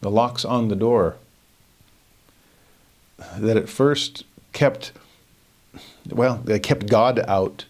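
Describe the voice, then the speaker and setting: A man with a fairly low voice leads a verse-by-verse Bible lesson. He talks in a reflective, expressive way and keeps turning to rhetorical questions. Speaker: scripture teacher.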